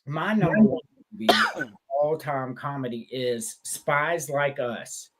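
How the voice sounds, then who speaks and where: Man, casual podcast chat, high voice, animated, cursing, shouting out movie quotes. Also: unhurried, heavy background noise. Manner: animated, swearing, acts out quotes in loud voices. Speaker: podcast co-host.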